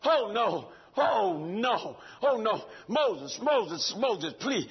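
A raspy-voiced man voicing frightened ancient people begging their leader to stop the noise. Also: high-pitched, very animated, extremely slow, lo-fi sound, heavily acted. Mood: pleading. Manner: pleading, repeating himself.

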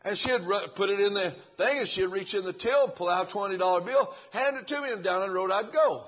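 A man's voice: sits high, fairly quick, dull audio. A man preaching a sermon in a folksy way, stumbling over restarts and calling out amen.

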